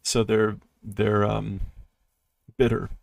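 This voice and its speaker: A man reads a comic aloud in a relaxed, unhurried way, stopping to translate lines and act out the sound effects with playful noises. His voice has a gravelly texture, and the recording is dry and close. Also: lowish voice, no room sound. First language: English. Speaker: streamer reading manga aloud. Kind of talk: casual read-through with translation.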